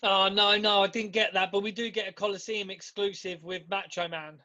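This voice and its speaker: A man's voice: sits high, flat delivery, a little fast, sharp tone, highs cut off. A man co-hosting a podcast in casual chat, laughing often and swearing freely as he retells scenes with energy. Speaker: podcast co-host.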